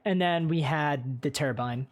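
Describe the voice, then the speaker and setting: A man's voice: on the high side, unhurried. A man streaming casually, rambling and swearing freely as he tours a game world with friends. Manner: rambling, swears often, many fillers. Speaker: streamer and server organizer.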